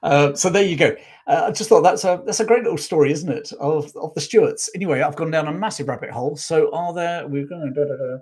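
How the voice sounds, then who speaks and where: A man's voice: fairly high pitch, a little fast, darkish tone, breathy edge. A man hosting a live history stream, chatting enthusiastically with viewers and going off on asides. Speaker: history channel host. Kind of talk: live-stream chat, answering viewer questions.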